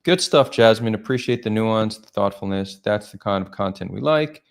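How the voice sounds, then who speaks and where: A man's voice: on the low side, normal speed, creaky. A man hosting a live stream, chatting casually and reflectively with viewers, rambling a little as he goes.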